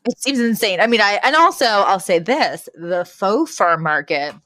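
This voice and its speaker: A woman co-hosting a podcast in a casual chat, rambling and animated and often laughing. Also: medium pitch, normal speed, no room sound, studio quality. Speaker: podcast co-host.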